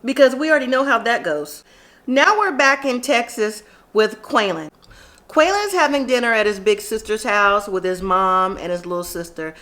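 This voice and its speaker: A woman's voice: a little high, lively intonation, normal speed, fairly bright tone. A woman casually recapping a reality TV episode, chatty and opinionated, talking straight to the people she watches. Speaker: TV recap vlogger.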